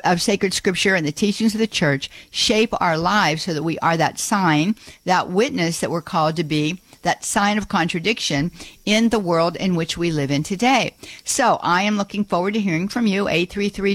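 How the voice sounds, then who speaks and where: A woman's voice: fairly low pitch, normal speed, no echo. Woman radio host, call-in talk, gushing folksy manner, dry close sound. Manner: warm, gushing, folksy exclamations.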